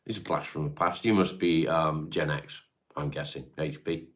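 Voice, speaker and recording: The host, a middle-aged man from England with a Devon accent, chats bluntly and casually on a livestream at his home, swearing freely as he reads the chat and replies to viewers. His bass voice is fairly bright and steady in tone, at a normal speed.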